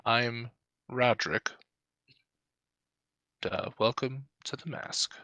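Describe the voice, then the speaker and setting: Old male ghost footman, polite, wry, a bit haughty, played by a man, bright dry voice. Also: medium pitch, slow pace, dry recording.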